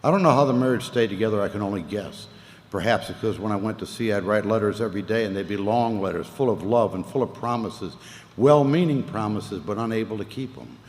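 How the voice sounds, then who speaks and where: A man with a lowish voice tells his own story at a recovery meeting, earnest and plainspoken, dropping to near-whispers and rising again as feeling takes him. His words ring out in a large reverberant hall with a faint hum of room noise behind. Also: a little fast. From Southern US. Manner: earnest storytelling, voice swells and sinks with emotion; casual Southern speech, 'ain't' and 'wasn't no'. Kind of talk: personal testimony talk.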